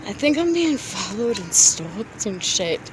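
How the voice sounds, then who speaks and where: A woman walking outdoors through a city park, talking into her phone in a rambling, breathy, gushing way full of swearing and exclamations. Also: medium pitch, sing-song, unhurried. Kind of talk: rambling confessional monologue to an absent lover. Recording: outdoor street noise and traffic. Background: street ambience with passing vehicles.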